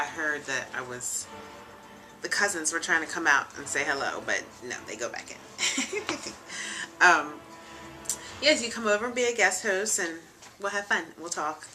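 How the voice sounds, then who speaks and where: A young woman hosts her own casual web show from a leather chair in a room at home, chatting frankly and jokingly with plenty of ums and asides. Her voice is low-pitched with a sharp tone, and there's slight background noise.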